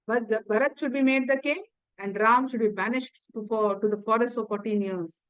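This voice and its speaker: A stubborn queen states her demands in a firm, curt, high voice, as a woman storyteller puts her on. The sound is dry and close. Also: fairly even intonation, a little fast, smooth, no room sound, muffled recording, natural voice. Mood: cold. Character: stubborn, angry queen making cold demands.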